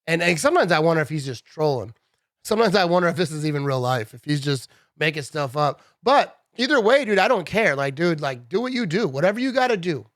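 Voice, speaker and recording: A man's voice: on the high side, fast talker, no room sound. Chatty man ranting about sports, dry close mic. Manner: animated, chatty, says "bro" and "dude" a lot. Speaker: sports vlogger. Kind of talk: casual sports rant.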